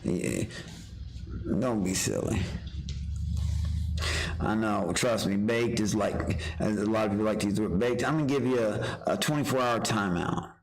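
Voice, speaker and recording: A man's voice: on the low side, moderate pace, pauses often, a little hiss or hum, low-quality recording. A man streaming live, ranting in a rambling, boastful way and trash-talking profanely. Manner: rambling with restarts. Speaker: livestreamer. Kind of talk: rambling livestream rant.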